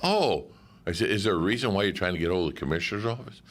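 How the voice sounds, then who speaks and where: A man chatting casually as a radio co-host, trading stories. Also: very fast. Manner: chatty, drops low for asides. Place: radio station.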